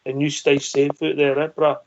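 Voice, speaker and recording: Man, phone-in host, chatty and matey, slightly high voice, dull lo-fi sound. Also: completely flat delivery, normal speed. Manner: friendly, matey sign-offs. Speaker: radio show host. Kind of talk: casual radio phone-in hosting. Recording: dull lo-fi audio.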